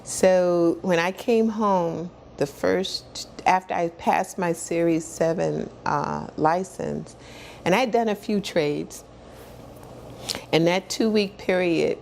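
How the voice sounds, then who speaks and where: Low, gravelly-voiced woman storyteller. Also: slow pace, slight background noise. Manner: animated storyteller who acts out quoted dialogue and repeats words as she builds up; laughs often while telling her story. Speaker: interview guest. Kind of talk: storytelling in a sit-down interview.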